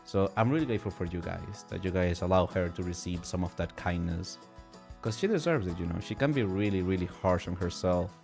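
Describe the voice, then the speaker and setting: A male streamer chatting emotionally and excitably while gaming, with sudden high outbursts. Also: a little fast, vocal fry, faint music behind. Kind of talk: casual live-stream chat while gaming.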